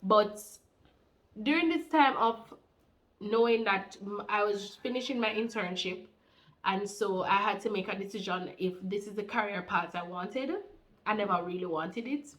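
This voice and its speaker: A woman's voice: mid-range voice, moderate pace. Heartfelt Jamaican woman telling her testimony. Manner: animated, heartfelt, mixes in patois. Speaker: faith channel co-host. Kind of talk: personal testimony storytelling.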